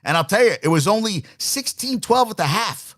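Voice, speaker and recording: A man's voice: high-pitched, expressive, fairly quick, fairly bright tone. A man in his forties hosting a sports talk show, ranting with exasperation and swearing freely as he rattles off stats. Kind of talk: opinionated sports radio rant.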